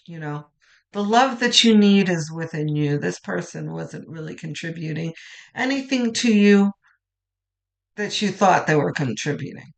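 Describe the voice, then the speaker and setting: A tarot reader doing a pick-a-card reading, talking in a gentle, reassuring way with frequent restarts and lines that trail off softly. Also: medium pitch, expressive, a little slow, vocal fry.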